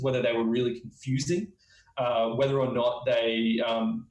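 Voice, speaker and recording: Fast-talking Australian man in echoey room. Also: medium pitch, recorded from a distance. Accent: Australian (Queensland). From Queensland, Australia. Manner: fast talker with many fillers and restarts. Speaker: user research instructor. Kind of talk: spoken lesson on interviewing.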